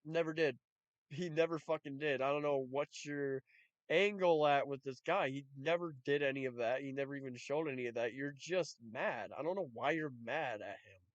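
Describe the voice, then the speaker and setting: A man's voice: mid-range voice, normal speed, no room sound, lo-fi sound. A man giving reaction commentary, talking in a profane, mocking and exasperated way. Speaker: YouTube commentator.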